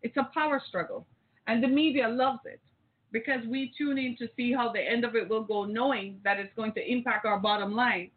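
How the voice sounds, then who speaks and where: A woman host delivers a rousing, preachy monologue and keeps turning to address her listeners directly. Her voice sits a little high. The audio is narrow and tinny, like a phone line. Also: steady tone, moderate pace. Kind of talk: impassioned call-in radio monologue.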